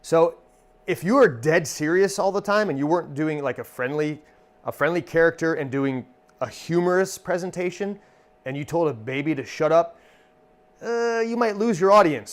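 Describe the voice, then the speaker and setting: A male stage entertainer and magician gives a relaxed, conversational instructional talk, acting out comic one-liners as examples. His voice runs on the high side at a normal speed.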